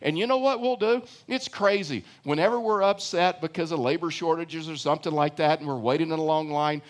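An older man preaching a sermon as pastor, conversational, repeating phrases for emphasis and asking the congregation questions. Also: fairly high pitch.

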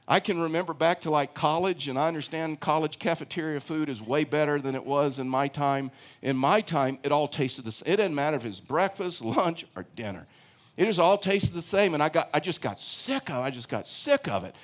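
A man's voice: on the high side, animated, fairly quick. An older man preaching a sermon as pastor, conversational, repeating phrases for emphasis and asking the congregation questions.

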